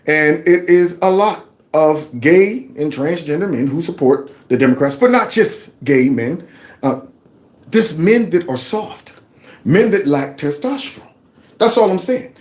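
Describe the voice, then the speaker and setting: A man hosting a casual opinion commentary show, emphatic and given to repeating his phrases. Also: high-pitched. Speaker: commentary channel host.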